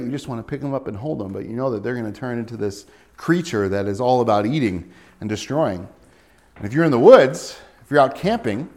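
A middle-aged man preaching a sermon in a conversational, folksy way, with homey asides and rhetorical questions, and a hushed, earnest tone when praying. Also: mid-range voice. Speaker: pastor.

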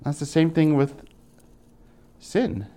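A young man preaching with lots of energy. He swings his pitch up and down as he mimics parents and children, then drops into slow, earnest stretches. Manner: animated, acts out quoted voices, chuckles. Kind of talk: sermon.

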